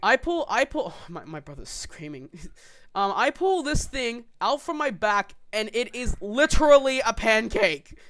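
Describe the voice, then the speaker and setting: Young podcast co-host, loose and rambling storyteller, swears and laughs a lot, mid-pitched voice. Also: big pitch swings, a little slow, a bit bright. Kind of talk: casual storytelling chat.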